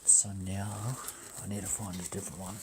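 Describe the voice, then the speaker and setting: A young man telling a story on a livestream in a profane, swaggering, animated rant. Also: sits low, moderate pace, very noisy. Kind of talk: ranting casual storytelling.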